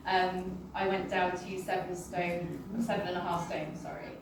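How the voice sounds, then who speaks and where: A British woman telling her personal health story to an audience in a halting, emotional, apologetic way. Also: fairly low pitch, level tone. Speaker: guest sharing a personal testimony. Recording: roomy, distant, with background noise.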